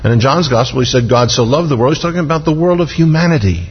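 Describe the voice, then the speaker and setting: Husky-voiced man preaching in a hall. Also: fairly high pitch, expressive. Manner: expository preaching, slowing down to stress scripture. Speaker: pastor. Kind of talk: sermon. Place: church sanctuary. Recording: dull, reverberant hall sound.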